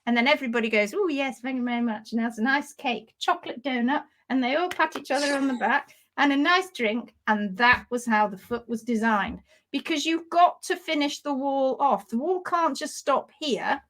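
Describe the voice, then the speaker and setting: A woman teaching hoof care in a live demonstration, explaining with animated, playful storytelling. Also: sits high, normal speed, hardly any pauses.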